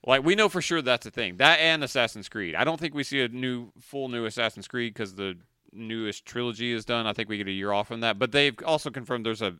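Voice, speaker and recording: A man co-hosting a casual video game chat, talking animatedly, swearing and jumping up in pitch to make a point. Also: brisk, clean tone, no echo. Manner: animated, swears, jumps up in pitch when emphatic. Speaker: podcast co-host.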